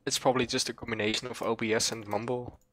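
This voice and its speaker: A woman's voice: very deep voice, flat delivery, quick pace, slight background noise. A woman playing a game with a friend, giving brief, hesitant replies with fillers. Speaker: fellow player. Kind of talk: casual gameplay chat.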